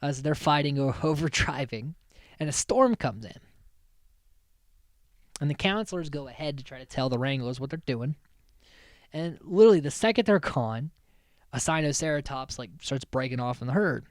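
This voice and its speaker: A man's voice: on the high side, lively intonation, moderate pace, pauses often, no echo, clean studio sound. A man hosting a podcast, recapping episodes in a rambling, chatty way, swearing freely and often restarting his sentences. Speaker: podcast host.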